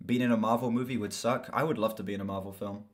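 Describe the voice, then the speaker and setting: Sweary, excitable young man streaming. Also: fairly low pitch, fast. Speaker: streamer and movie reviewer. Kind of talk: casual live-stream chat.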